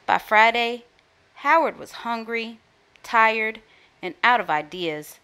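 A woman storyteller reading a children's book aloud in a lively, expressive way. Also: a little high, slow, clean tone.

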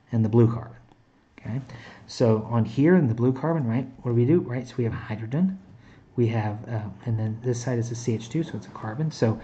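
A man's voice: medium pitch, a little mellow, highs cut off, a little hiss or hum. A man teaching a recorded chemistry lecture in a conversational way, with frequent fillers and restarts. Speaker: chemistry instructor.

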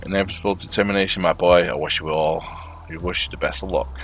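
A man's voice: low-pitched, fairly even intonation, fast talker, a bit bright. A man reading as a fatherly old fight coach.

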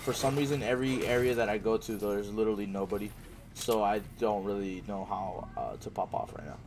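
A man's voice: fairly low pitch, brisk, darkish tone, slight background noise. A male livestreamer casually reading viewer chat aloud and answering it while he plays, in a slangy way. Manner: reads viewer chat aloud and answers, slangy, says "bro" and "man" often.

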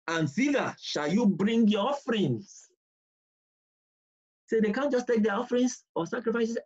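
A man teaching a bible study, emphatic and repetitive, reading scripture slowly and deliberately. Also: sits high, a little mellow, husky. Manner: emphatic, repeats key points, reads scripture slowly. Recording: dull lo-fi recording.

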